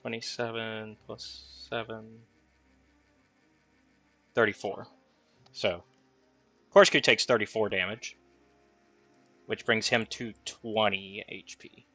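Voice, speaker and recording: A man's voice: lowish voice, flat delivery, takes it slowly, long pauses, bright, forceful tone, soft background music. A man running a tabletop game as dungeon master, thinking aloud over the rules with fillers.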